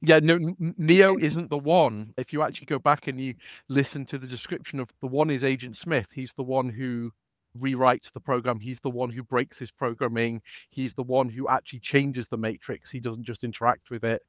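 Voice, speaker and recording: A man co-hosting a casual livestream chat, relaxed and repeating points for emphasis. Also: medium pitch, normal speed, dry recording, clean studio sound.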